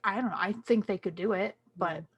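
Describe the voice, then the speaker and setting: A woman co-hosting a casual gaming podcast, chatty and quick to laugh. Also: medium pitch, breathy edge. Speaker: podcast co-host. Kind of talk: casual chat.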